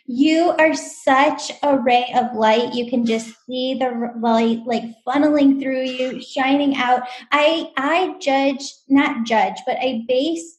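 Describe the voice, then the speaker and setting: A woman's voice: high-pitched, slow pace, few pauses, low-quality recording. A woman hosting a spiritual podcast, gushing with earnest praise for her guest. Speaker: podcast host.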